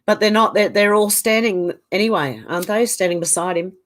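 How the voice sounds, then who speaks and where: A woman's voice: medium pitch, fairly quick. A woman with an Australian accent hosting a casual livestream, reading viewer comments aloud and reacting to them. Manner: reads out chat comments and reacts conversationally.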